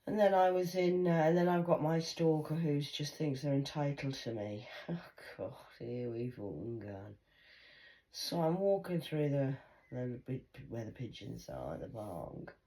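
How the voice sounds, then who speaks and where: A woman's voice: low-pitched, animated, measured pace, dark tone. A woman vlogger talking in a blunt, rambling monologue full of swearing while she smokes.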